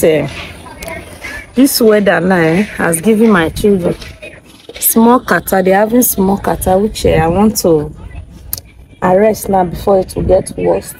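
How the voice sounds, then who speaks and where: A woman's voice: medium pitch, creaky, a little mellow, slight background noise, rough recording. A woman with a Nigerian accent, talking casually to her vlog camera, chatty and effusive, pleading with viewers for support. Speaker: family vlogger. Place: in and around a car on city errands.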